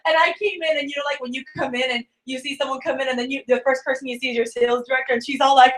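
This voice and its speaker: Lively woman telling a story in an echoey room. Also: sits high, rapid-fire, very noisy. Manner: lively, acts out voices in quotes, laughs often. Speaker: sales consultant sharing a tip. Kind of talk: animated storytelling talk.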